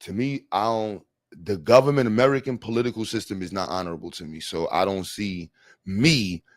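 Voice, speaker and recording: A young man hosting a livestream panel, talking in slang, animated and joking, reading the chat aloud. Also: fairly low pitch, a little fast, no room sound. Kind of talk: casual livestream talk. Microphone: streaming mic.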